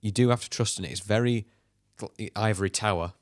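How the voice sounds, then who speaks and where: A man co-hosting a guitar school podcast, talking in a relaxed way with short interjections. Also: on the low side, fairly quick, dry recording, clean studio sound. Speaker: podcast co-host, guitar teacher. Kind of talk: casual podcast chat.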